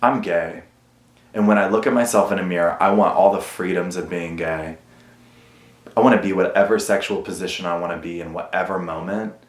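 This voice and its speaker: A man's voice: sits low, fairly even intonation, a little fast. Earnest, self-critical man in an echoey room. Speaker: vlogger. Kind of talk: candid confessional monologue to camera. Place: at home.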